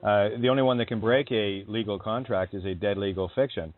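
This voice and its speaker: A man's voice: on the low side, brisk. A man hosting a radio talk show, chatting earnestly and effusively about spiritual ideas. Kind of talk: casual radio chat. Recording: dry tinny phone-like line.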